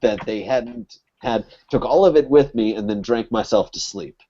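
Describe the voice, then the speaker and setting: A young man from Connecticut, medium-pitched with a dark tone, loosely recounts a long story for a podcast, peppering it with "like" at every pause and plenty of swearing. The recording is dull and lo-fi, with slight background noise.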